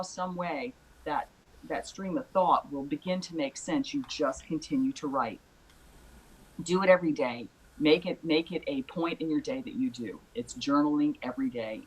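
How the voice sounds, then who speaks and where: A woman's voice: sits low, husky, rough recording. A woman singer-songwriter, a guest in a casual video interview, giving earnest, encouraging advice.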